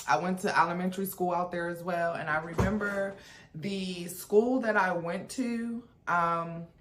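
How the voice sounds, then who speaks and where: A woman's voice: fairly low pitch, a bit bright. A woman hosting a reaction video, talking in a chatty, frank way with lots of fillers and asides. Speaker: reaction channel host. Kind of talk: casual reaction commentary.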